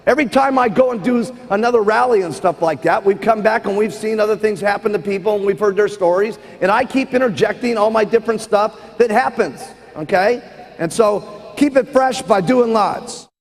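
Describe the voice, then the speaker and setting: A man's voice: high-pitched, normal speed. A man giving a motivational seminar speech as a business trainer, emphatic and forever asking "okay?". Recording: long hall reverb.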